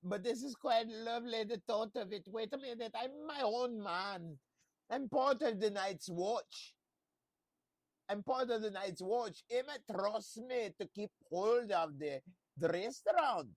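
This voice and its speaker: A man putting on the voice of a timid, nerdy young man who talks in a prim, excitable way. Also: high voice, dry recording, voice pushed up. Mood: prim flustered. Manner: prissy, excitable, drawn-out "lovely".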